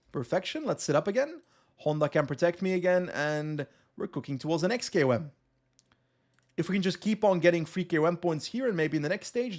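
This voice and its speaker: A man's voice: on the high side, a little mellow. A young man from West Flanders with a Flemish accent, giving casual live commentary on a cycling game and answering his chat. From West Flanders, Belgium. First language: Dutch (West Flemish). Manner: chatty, reads chat aloud and answers. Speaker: streamer.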